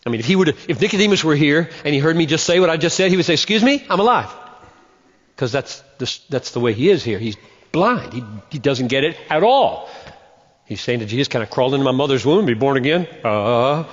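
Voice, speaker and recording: A man preaching a sermon, slowing down and repeating phrases for emphasis. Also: medium pitch, animated. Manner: emphatic, slows down and repeats for stress. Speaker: pastor. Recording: muffled sound in a reverberant hall.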